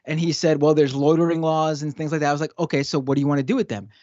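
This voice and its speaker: A man's voice: a little high, no echo. Man, live-stream host, casual ranting chat, dull lo-fi sound. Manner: animated, ranting, fast when arguing. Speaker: show host.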